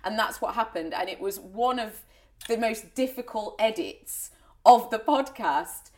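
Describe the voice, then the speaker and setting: A woman's voice: a little high, measured pace, darkish tone. A woman co-hosting a podcast, chatting and telling stories in a playful way. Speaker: podcast co-host. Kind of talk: casual chat.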